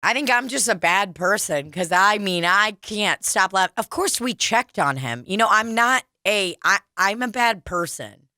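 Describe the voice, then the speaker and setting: A woman's voice: medium pitch, expressive, normal speed, bright, forceful tone, no echo, studio quality. A woman with a St. co-hosting a comedy podcast, chatting bluntly and profanely and laughing often. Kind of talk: casual comedic chat.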